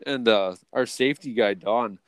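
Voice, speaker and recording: A man's voice: medium pitch, normal speed, dry recording. A young adult man telling a rambling story with heavy swearing and lots of fillers, co-hosting a casual podcast chat. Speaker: podcast co-host.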